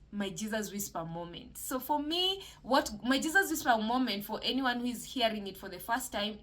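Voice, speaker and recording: A woman's voice: on the high side, pushed and bright. A woman hosting a solo podcast, talking casually and encouragingly about mental health and faith, with many fillers and restarts. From Kenya.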